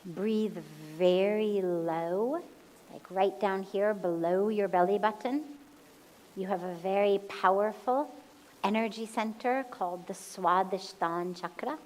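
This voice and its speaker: A woman spiritual teacher answering a question in a calm, measured talk and guiding a slow breathing exercise aloud. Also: medium pitch, slight background noise, rough recording. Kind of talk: slow, gentle satsang talk. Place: satsang hall.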